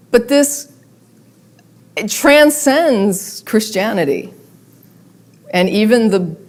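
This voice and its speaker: Woman, public talk, middle pitch, wry asides, conversational, animated emphasis. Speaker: guest speaker. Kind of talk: public talk with read-aloud letters.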